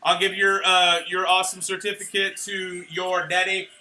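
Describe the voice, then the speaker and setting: A young man emceeing a church awards night, handing out certificates in an energetic, playful way, cheering and joking with the crowd. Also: high voice, moderate pace, a little hiss or hum. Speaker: youth pastor handing out awards. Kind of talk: live church event emcee. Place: church hall at a live event.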